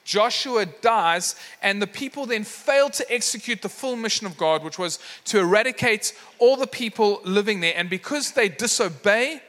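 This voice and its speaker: A man's voice: sits high, animated, moderate pace, few pauses, pushed and bright. A man preaching a sermon, telling a story with acted voices and lots of fillers. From South Africa. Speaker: pastor. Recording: long hall reverb.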